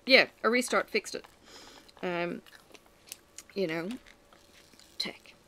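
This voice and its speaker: A woman chatting casually to camera in a lively, self-mocking way. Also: on the low side, slow pace. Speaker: vlogger.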